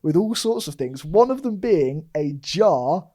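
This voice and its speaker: A man's voice: a little high, big pitch swings, measured pace, warm tone. A man co-hosting a podcast, telling a story in a chatty way and laughing often. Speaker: podcast co-host. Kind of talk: casual chat.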